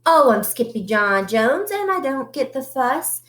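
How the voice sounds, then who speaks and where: A woman's voice: high-pitched, big pitch swings, unhurried, fairly bright tone, reverberant, exaggerated voice. Storybook role: woman voicing a squealy, playful boy kitten with a mock Spanish flair. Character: excitable young male chihuahua-minded Siamese kitten.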